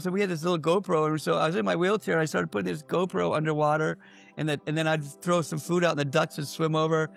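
A man giving a candid personal account in an interview, halting, with many fillers and restarts. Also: a little high, fairly even intonation, creaky, a bit bright, soft background music.

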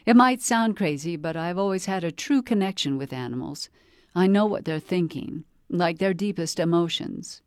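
An odd stranger who claims to be a pet psychic, apologetic and earnest, with a tired, reedy voice pitched well above the reader's own, as a woman reads her out. She talks hesitantly, stumbling over her apologies. It sounds like a storybook read aloud in a dry, close space. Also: expressive, moderate pace, clear, resonant tone, no echo, natural voice.

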